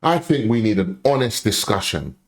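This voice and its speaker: A commentary host with a lowish, sing-song voice rants at a moderate pace, reacting to a clip with his opinions. He is blunt and impassioned, repeating points for emphasis.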